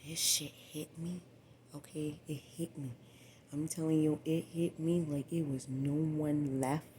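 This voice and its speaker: A woman in her late twenties telling a rambling personal story to the camera, cursing often and swinging between a low murmur and loud exclamations. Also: flat delivery, measured pace, a little hiss or hum. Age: 20s. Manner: profane, repetitive, meandering storytelling. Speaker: vlogger.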